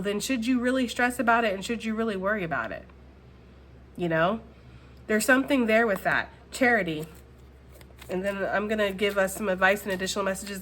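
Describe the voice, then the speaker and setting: A woman's voice: fairly high pitch, a bit bright. A woman talking through a casual tarot card reading at home in a chatty way. She laughs often and repeats phrases. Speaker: tarot reader.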